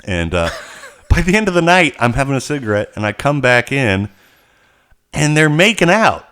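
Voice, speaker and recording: A man co-hosting a podcast, telling a rambling, animated story in casual chat. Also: mid-range voice, moderate pace, clean tone. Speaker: podcast co-host.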